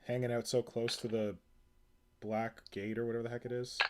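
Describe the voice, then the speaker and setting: A man's voice: mid-range voice, level tone, fairly quick, a little mellow. Chatty Canadian man. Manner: joking, chatty. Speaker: streamer host. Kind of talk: casual chat.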